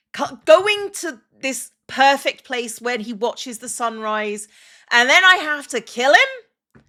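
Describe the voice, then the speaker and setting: A woman's voice: high voice, bright, forceful tone. A woman, a streamer, chatting casually and emotionally on a livestream. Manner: chatty and emotional, with many restarts and "like" fillers.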